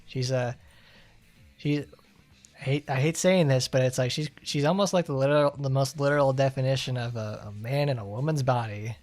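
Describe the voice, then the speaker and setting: A man's voice: mid-range voice, moderate pace, darkish tone, faint music behind. A man streaming a game, rambling casually and laughing often as he plays. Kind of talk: casual gameplay commentary.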